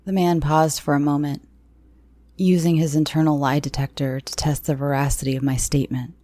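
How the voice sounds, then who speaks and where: A woman narrating dark first-person audio fiction in a slow, hushed, often near-whispered manner. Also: sits low, level tone, no echo.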